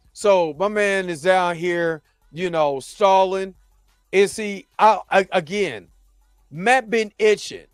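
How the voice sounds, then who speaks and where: High-voiced animated man recapping a show. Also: clean tone, no room sound, studio quality. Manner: animated, acts out characters' lines in his own voice. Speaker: show host. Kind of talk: casual TV recap commentary.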